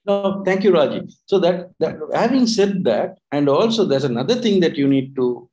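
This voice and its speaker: A man's voice: on the high side, sing-song, normal speed, warm tone, low-quality recording. A man co-hosting an English-learning talk from Sri Lanka, chatting casually and rambling with many restarts and fillers. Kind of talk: casual teaching chat.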